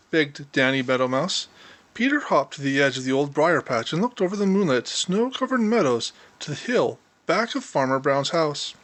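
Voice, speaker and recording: A man narrating a children's audiobook in an expressive storytelling manner. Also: fairly high pitch. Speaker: audiobook reader.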